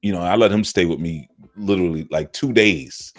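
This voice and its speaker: Low-voiced man telling stories animatedly. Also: normal speed. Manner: animated, jumps into quoted voices with big pitch swings. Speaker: spiritual teacher. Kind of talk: casual storytelling talk.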